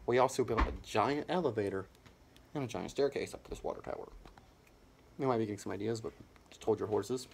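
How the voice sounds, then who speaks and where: A man's voice: fairly low pitch, fairly quick, gravelly, pauses often, a little hiss or hum. Rambling young man in a mock speech. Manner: rambling, absurd deadpan bluster. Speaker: comedian.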